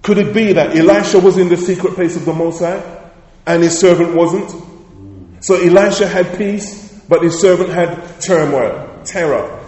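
A man's voice: high voice, fairly even intonation, moderate pace, darkish tone. A male pastor preaching a sermon with emphatic declarations, repeated phrases and rhetorical questions, in a church. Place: church sanctuary. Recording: echoey church hall with long reverb.

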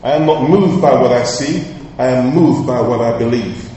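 A male pastor preaching a sermon with emphatic, sometimes loud outbursts. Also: mid-range voice, normal speed, a little hiss or hum. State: coughing, slightly hoarse. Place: large church hall. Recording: echoey hall, heard from far off.

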